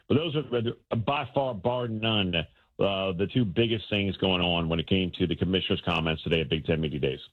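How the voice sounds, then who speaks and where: A husky man talking sports down a phone line. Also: sits low. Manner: animated, colloquial, repeats words when excited. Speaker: radio show co-host. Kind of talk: casual sports talk. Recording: phone-line call-in audio.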